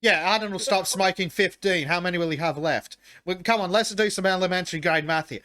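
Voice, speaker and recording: A man hosting a podcast, talking bluntly and swearing freely as he works through the chat. His voice sits a bit high for a man. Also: fairly quick, sharp tone. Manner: blunt, profane, reads chat comments aloud. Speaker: podcast host. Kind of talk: casual chat.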